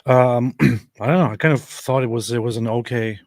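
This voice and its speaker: A male host chatting casually in a measured, somewhat hesitant way. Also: medium pitch, no echo. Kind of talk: casual chat.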